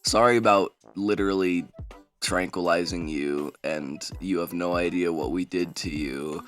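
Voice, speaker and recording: A man's voice: deep voice, measured pace, a bit bright, faint music behind. A man voicing a crowd of sugary, over-friendly rainforest dragons in a cartoonish book retelling. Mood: sugary cheerful. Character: chirpy carefree rainforest dragons.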